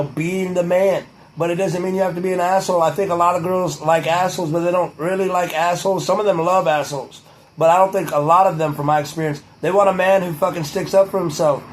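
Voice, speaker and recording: A man's voice: sits high, slight background noise, rough recording. A young man vlogging in a loose, profane ramble who keeps repeating "truly" and slips into a mock-presidential cadence. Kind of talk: rambling casual monologue to camera.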